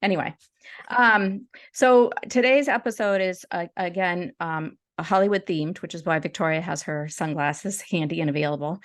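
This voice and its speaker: A woman's voice: fairly low pitch, normal speed, no echo, clean studio sound. A woman co-hosting a podcast, chatting casually and reading a story aloud with small stumbles and restarts. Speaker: podcast co-host.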